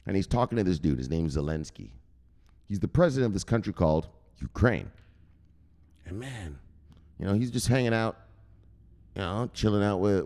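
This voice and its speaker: A man with a low, gravelly voice tells a wild comic story. He swings his pitch widely and talks in a profane, conspiratorial way. It's a casual video-channel host riffing loosely. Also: dark tone. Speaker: crypto news host.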